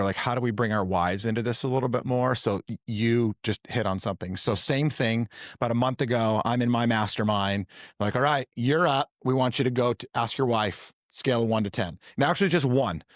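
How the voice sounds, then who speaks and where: Steady man recounting a story, dry close sound. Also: mid-range voice, no echo. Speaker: host. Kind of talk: casual group conversation.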